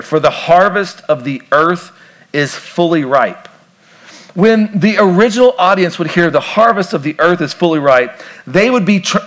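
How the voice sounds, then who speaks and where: A man's voice: fairly high pitch, a bit bright. A man preaching a sermon as a pastor in a conversational way, asking his listeners questions and joking between points. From grew up on a farm. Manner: conversational, asks the congregation questions, jokes.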